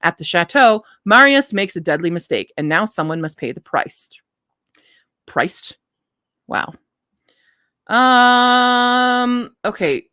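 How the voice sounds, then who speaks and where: A woman's voice: fairly low pitch, big pitch swings, measured pace, pushed and bright, no echo, studio quality. A woman hosting a live book stream, chatting casually and thinking aloud as she reads blurbs, often restarting her sentences. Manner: self-interrupting, frequent restarts.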